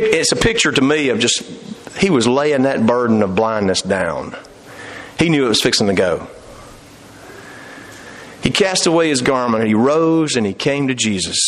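A man's voice: mid-range voice, a bit bright. A middle-aged man preaching a sermon, telling folksy stories and building to fervent emphasis. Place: church sanctuary. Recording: long reverb of a church hall.

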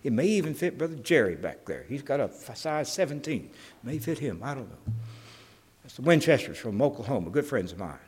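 A man's voice: mid-range voice, very animated, fairly quick, darkish tone, big-room sound. A man preaching a sermon as pastor, folksy and jokey, acting out conversations as he goes.

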